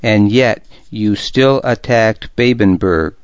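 Proud, defiant noblewoman voiced by a male audiobook reader, stern and sharp, slow and measured, dull lo-fi sound. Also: lowish voice, clear, resonant tone, no room sound. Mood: bitter. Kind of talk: audiobook character reading. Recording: dull lo-fi recording.

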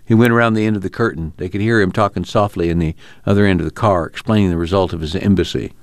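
A man giving plain, unhurried audiobook narration. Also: low-pitched, fairly even intonation, no echo.

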